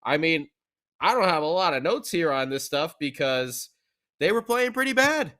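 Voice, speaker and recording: A man co-hosting a casual hockey recap podcast, talking in an animated, jokey way. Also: fairly high pitch, normal speed. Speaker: podcast co-host.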